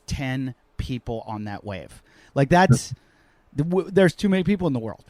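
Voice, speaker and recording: A man hosting a podcast over a remote call, talking in an animated, rambling, self-mocking way with lots of jokes. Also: mid-range voice, moderate pace, dry recording. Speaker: podcast host. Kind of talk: casual joking chat.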